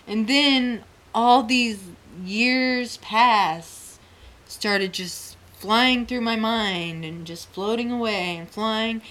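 Woman, middle-aged, fairly high voice, bright tone, candid storytelling chat, frank, swears. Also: very slow. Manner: emotional, frank, swears freely, laughs often. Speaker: podcast co-host.

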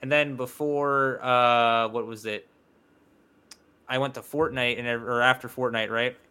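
A man's voice: medium pitch, steady tone, unhurried, sharp tone, clear, resonant tone. A man talking as a podcast guest in casual chat, rambling with lots of fillers and swearing.

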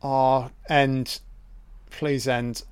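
Exasperated swearing man, slow and clear. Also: medium pitch, level tone, no room sound. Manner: profane, exasperated, sarcastic. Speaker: film commentator. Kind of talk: audio commentary rant.

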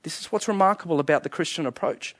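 A man in his forties preaching a sermon, animated and humorous, acting out conversations with his own soul. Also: on the high side, quick pace. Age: 40s. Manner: animated, humorous, acts out inner dialogue. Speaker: pastor.

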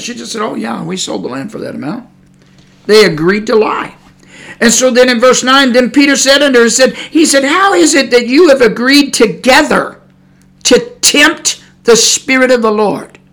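A man's voice: extremely high pitch, vocal fry, a bit bright. A man preaching a podcast sermon in a fiery, scolding way, with loose colloquial speech and repeated rhetorical "huh?" asides.

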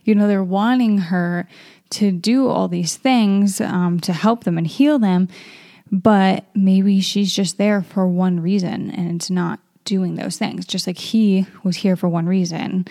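A young woman reads a scripture passage aloud, then reflects on it in a loose, chatty way, trailing off into fillers and restarts. Her voice is mellow and a little gravelly. The sound is close and dry, with no room around it. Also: medium pitch, steady tone, measured pace, no room sound. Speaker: Bible reading host. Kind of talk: casual Bible reading and reflection.

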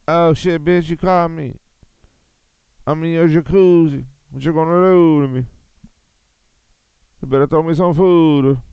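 A man's voice: on the high side, fairly even intonation, unhurried, pauses often, clean tone, no room sound, dull audio, pitched above the performer's own voice. A man voicing a cocky male bear caught in a hot tub, talking with brash, taunting swagger.

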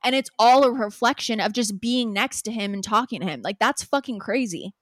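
A woman's voice: on the high side, expressive, a bit bright, dry recording. Swearing young woman co-host, dry sound. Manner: emphatic, swears freely, talks fast with many likes. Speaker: podcast co-host. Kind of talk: candid casual chat.

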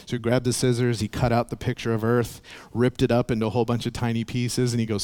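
A man's voice: medium pitch, level tone, quick pace, hardly any pauses, darkish tone, clear, resonant tone. A male pastor preaching a sermon, telling stories in an earnest way and acting out the voices in them. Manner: storytelling with acted voices, earnest.

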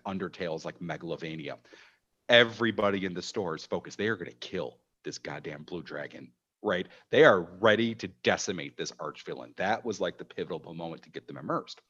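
A man in his thirties, a game master, telling an animated anecdote with lots of fillers in a casual panel chat. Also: deep voice, husky, highs cut off.

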